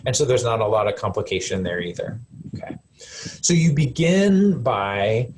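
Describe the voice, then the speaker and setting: Man, counselor, conversational webinar talk, mid-pitched voice, faint background hiss. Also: lively intonation, moderate pace. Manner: conversational, many fillers and self-corrections. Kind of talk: casual live webinar talk.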